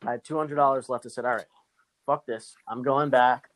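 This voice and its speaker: A man's voice: medium pitch, fairly even intonation, fairly quick, a bit bright, no echo. A young man casually telling a long, profane gambling story to a friend.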